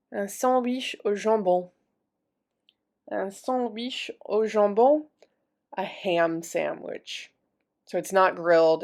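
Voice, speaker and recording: A woman runs a French vocabulary lesson at an unhurried pace. She repeats each word several times before explaining it in relaxed English, with a gravelly edge to her voice. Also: medium pitch. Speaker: French teacher.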